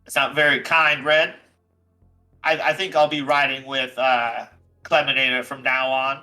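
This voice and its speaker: A man's voice: mid-range voice, level tone, unhurried, bright, forceful tone, faint music behind, poor audio. A man voicing a jittery male biker character who talks in casual slang and sounds hurt and offended. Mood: aggrieved. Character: jittery male NPC biker, easily spooked, whiny.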